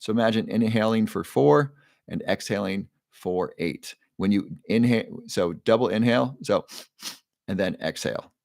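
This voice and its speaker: A man with a lowish, gravelly voice hosts a live online show, walking viewers through a breathing exercise. He talks in an upbeat, chatty way and keeps asking the audience to join in. The sound is dry and close. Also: normal speed, darkish tone, dry recording. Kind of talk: live stream talk leading a breathing exercise.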